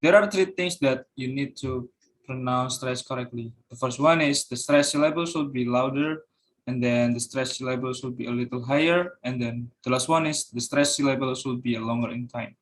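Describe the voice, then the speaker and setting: A man's voice: mid-range voice, moderate pace. A young man giving a class presentation, reading out points with frequent fillers and repeating each example word. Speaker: student presenter.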